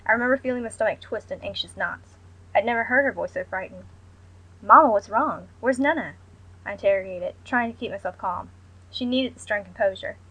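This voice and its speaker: Young woman narrating her own story, measured and quiet, mid pitch. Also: low-quality recording. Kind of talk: first-person story reading.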